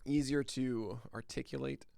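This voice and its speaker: Streaming live from a home studio, a US podcast host chats casually with listeners and then covers the day's news on his morning show, joking at his own expense and laughing along. He speaks a little slowly with a steady, creaky, mellow mid-range voice. The sound is dry and clean, studio-like.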